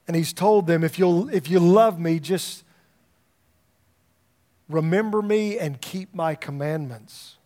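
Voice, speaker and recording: Man, pastor, middle-aged, sermon, chatty storytelling, restarts words, fairly high voice. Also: slow pace, long pauses, mellow. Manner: conversational storytelling, repeats words when starting.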